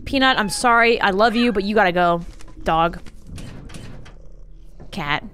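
A young woman streaming a game, joking and yelling profanely at her teammates. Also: medium pitch, unhurried, a little hiss or hum. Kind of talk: casual gaming stream chat.

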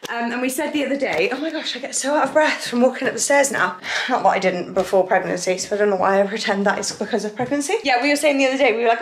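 A woman's voice: a little high, fast, hardly any pauses. A woman chatting casually to camera in a home vlog, rambling and giggly. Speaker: vlogger. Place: home indoors. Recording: roomy echo, faint noise.

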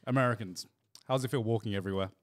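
A man's voice: fairly low pitch, rapid-fire, dry recording, studio quality. A man co-hosting a podcast who teases and asks questions in casual chat. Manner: teasing, lively questioner. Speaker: podcast co-host.

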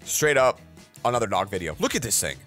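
A man's voice: lowish voice, a little fast, soft background music. A young man hosting a reaction video, chatting casually and jokingly straight to his viewers. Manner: animated, jokey, talks straight to viewers with slang.

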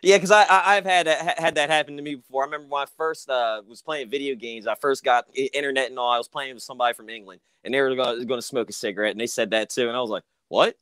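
A man's voice: medium pitch, steady tone, rapid-fire, hardly any pauses, bright, forceful tone, smooth, no echo. An American man hosting an interview, easygoing and laughing often. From United States. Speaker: interview host. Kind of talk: casual interview chat.

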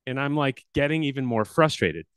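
A man leading a workshop, telling a personal childhood story with big swings in pitch and loudness. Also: expressive, brisk, smooth, no echo, studio quality. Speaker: workshop leader.

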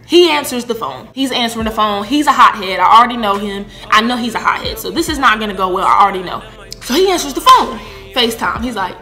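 A woman in her twenties telling a personal story on her vlog, animated and acting out the dialogue. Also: a little high, a little fast, soft background music. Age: 20s. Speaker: vlogger.

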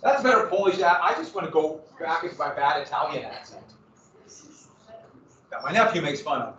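Man, presenter, jokey and digressive, slightly high voice, distant, lo-fi roomy sound. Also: expressive, normal speed, a bit bright. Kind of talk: casual slide presentation to a small group. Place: room with a small audience.

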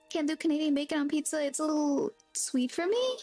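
A woman's voice: sits high, lively intonation, fairly quick, a little mellow, dry recording, soft background music. A woman streaming a video game, chatting casually with her viewers and greeting them by name. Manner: chatty, reads chat aloud, friendly greetings. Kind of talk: casual gameplay chat.

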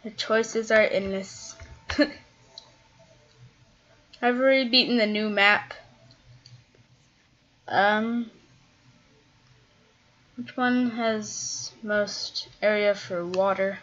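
A woman talks through her game in a loose, chatty way, thinking aloud and letting sentences trail off as she goes. Her voice sits at an ordinary pitch for a woman. It comes through a dull, lo-fi mic. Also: steady tone, extremely slow, long pauses, fairly bright tone. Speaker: gaming video creator. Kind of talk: casual gameplay commentary.

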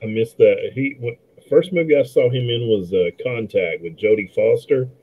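A man's voice: mid-range voice, normal speed, husky. Chatty middle-aged man on a tinny line. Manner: chatty, trailing restarts and fillers. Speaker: podcast co-host. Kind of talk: casual movie commentary chat.

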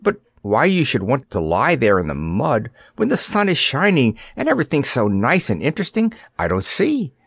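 A man's voice: medium pitch, huge pitch swings, moderate pace, creaky, few pauses, a bit bright, husky, no echo, clean studio sound, heavily acted. A man voicing a brave, curious little girl who speaks in an earnest, wide-eyed way. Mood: prim.

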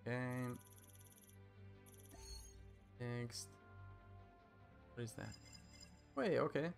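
A man streaming live gameplay, talking excitedly and panicking as he plays. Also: mid-range voice, very slow, creaky, over music. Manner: panicky, excitable, swears mildly.

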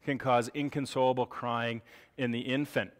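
A man in his forties giving a board review lecture, joking and animated, often asking rhetorical questions. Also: mid-range voice, normal speed. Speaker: medical lecturer. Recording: long hall reverb.

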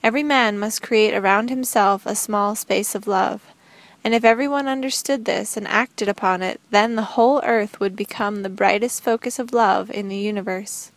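A woman reading the lines of a calm, gentle young woman in an audiobook, speaking earnestly and evenly. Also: mid-range voice, moderate pace, dry recording, close to an everyday voice.

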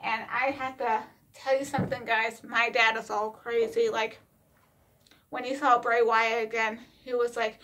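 A woman's voice: fairly high pitch, measured pace. Chatty woman talking through retainers. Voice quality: slightly slurred speech from wearing retainers. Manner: chatty and excited. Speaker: vlogger. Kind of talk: casual vlog chat.

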